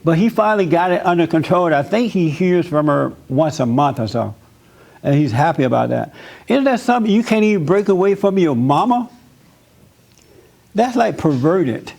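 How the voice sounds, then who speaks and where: Kinda high-voiced guy pastor, blunt and jokey, laughing while he lectures. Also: lively intonation, normal speed, vocal fry, a little mellow. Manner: blunt, joking, laughs often. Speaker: pastor hosting a church talk. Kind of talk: casual church counseling chat.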